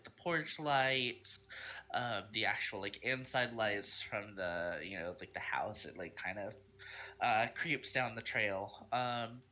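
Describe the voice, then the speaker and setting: A man's voice: medium pitch, pushed and bright. A man narrating as game master over online voice chat, hesitant and full of ums and uhs.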